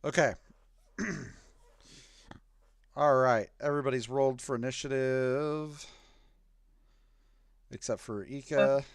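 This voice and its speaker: A man acting as game master, narrating a tabletop game in an unhurried way with plenty of fillers. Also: mid-range voice, fairly even intonation, dry recording.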